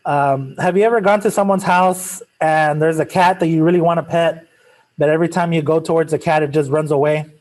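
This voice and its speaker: A man's voice: on the high side, fairly even intonation, fairly quick, darkish tone. A male math teacher giving a classroom lecture in a casual, joking way, drifting into chatty asides.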